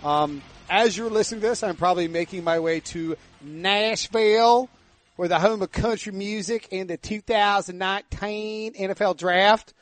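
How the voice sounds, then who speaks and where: High-voiced man with Eastern North Carolina drawl. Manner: rambling, self-deprecating, quick asides. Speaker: podcast host. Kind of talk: casual sports podcast chat.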